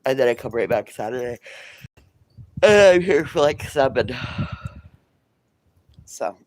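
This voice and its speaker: Guy rambling to his pets on a farm morning vlog, blunt, cusses a lot, mid pitch, slight hiss behind. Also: animated, unhurried, darkish tone. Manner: blunt, swears freely, talks to his animals. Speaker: vlogger. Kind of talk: casual morning chat to camera and pets. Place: farm house and yard.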